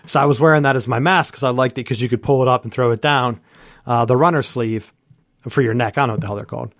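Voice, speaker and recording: A man's voice: medium pitch, fast, no room sound, clean studio sound. A man in his thirties co-hosting a casual sports chat, rambling through a story with lots of "like" and acting out the people in it. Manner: heavy use of "like" and fillers. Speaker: podcast co-host.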